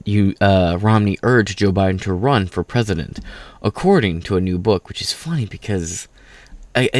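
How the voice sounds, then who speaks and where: A man's voice: lowish voice, dry recording. A tired man hosting casual political commentary, reading an article aloud with rambling, profane, sarcastic asides.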